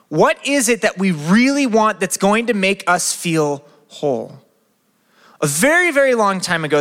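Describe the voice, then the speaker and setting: Bright-voiced man preaching in a hall. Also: sits high. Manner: lively, asks the crowd many questions. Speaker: pastor. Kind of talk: sermon. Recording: long reverb of a hall.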